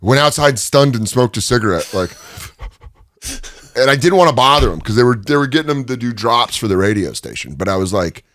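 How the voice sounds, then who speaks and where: A man telling stories as a guest in a studio interview, chatty and animated, acting out the people he quotes. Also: brisk, no room sound. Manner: animated, chatty, acts out quotes with lots of pitch swings. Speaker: guest, stand-up comedian. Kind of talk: casual storytelling in an interview. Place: podcast studio.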